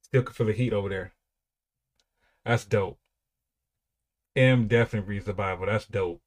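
A man's voice: lowish voice, normal speed. A young man giving casual, rambling commentary while reacting to music, with frequent repeated praise.

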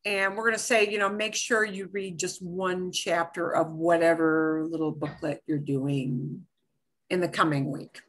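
A woman's voice: on the low side, steady tone, a little slow, fairly bright tone. A woman teaching a beginner language class, explaining with lots of examples and repetition. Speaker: Spanish teacher. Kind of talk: live online language class.

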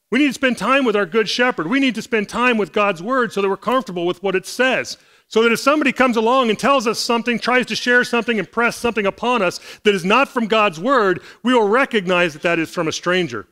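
High-voiced man preaching a sermon. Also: a bit bright. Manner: earnest, conversational preaching with scripture reading. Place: church service.

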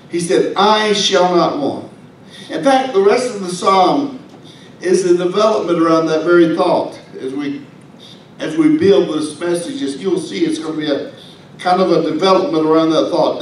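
A man's voice: a little high, a little mellow, heavy reverb, recorded from a distance, slight background noise, poor audio. A man preaching a sermon as pastor, folksy and humorous, with asides to the congregation. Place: church sanctuary.

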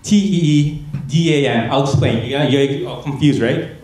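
A man performing a stand-up comedy set on a gala stage, telling stories in a deadpan way and mimicking family members' voices. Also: fairly high pitch, moderate pace. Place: gala stage before a laughing audience. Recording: echoey hall with audience noise.

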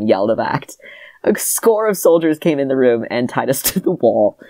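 A woman co-hosting a comedy podcast, reading her old childhood story aloud in a dry deadpan and breaking into laughter. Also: rumbling low, moderate pace, no echo.

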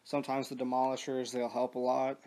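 A man's voice: mid-range voice, monotone, a little fast, mellow. A man giving loose, rambling commentary on a strategy game he is playing, swearing often and restarting his sentences. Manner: rambling, profane, many restarts and fillers. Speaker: mobile strategy game player. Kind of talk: casual gameplay commentary.

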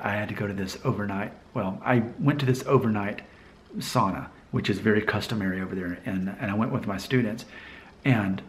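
Low-voiced male vlogger, thirties, casual and rambling, with light room noise. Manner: rambling, self-correcting, chuckles often. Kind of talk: casual personal monologue.

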